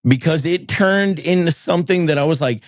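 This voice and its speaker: A middle-aged man from New England, a pastor and podcast co-host, telling a candid personal story and swinging between low somber tones and high exasperated bursts. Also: normal speed, no echo.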